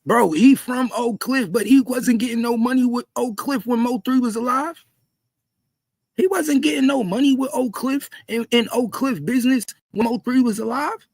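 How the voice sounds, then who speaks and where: A man doing heated livestream commentary, repeating himself in disbelief and often shouting. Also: extremely high pitch, moderate pace, no echo. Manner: repetitive, incredulous, frequently shouting. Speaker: commentary streamer.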